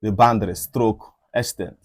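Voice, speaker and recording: A man's voice: lowish voice, steady tone, normal speed, breathy edge, dry recording, studio quality. A man teaching a medical anatomy lesson over diagrams. He often repeats key points and asks rhetorical questions. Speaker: medical educator.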